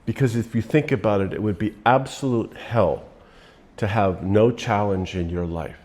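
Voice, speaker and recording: A man giving a relaxed, rambling motivational talk, telling stories to make his points. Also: on the low side, normal speed. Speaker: motivational speaker.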